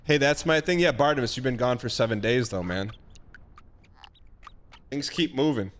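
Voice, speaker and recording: A man's voice: medium pitch, normal speed, a little hiss or hum. Rambling man streaming a game live. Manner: rambling, restarts often, excitable.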